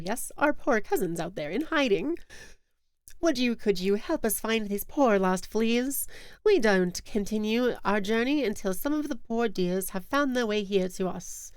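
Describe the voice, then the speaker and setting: A woman voicing a gentle old female flea who leads a travelling caravan, speaking in an earnest, pleading way. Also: fairly high pitch, animated, moderate pace, smooth, no echo, close to an everyday voice.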